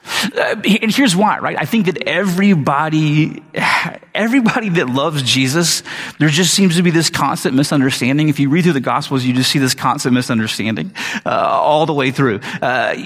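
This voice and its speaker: A man's voice: fairly high pitch, moderate pace, a bit bright, husky. A man preaching a casual, conversational sermon in slangy everyday words, acting out the people he quotes. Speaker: pastor. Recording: long hall reverb.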